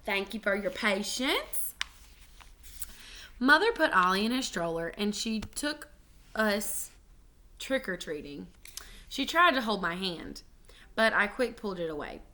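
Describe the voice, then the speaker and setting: A woman reading a children's book aloud, expressive and animated, with small slips and restarts. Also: mid-range voice, unhurried, pauses often. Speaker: reader.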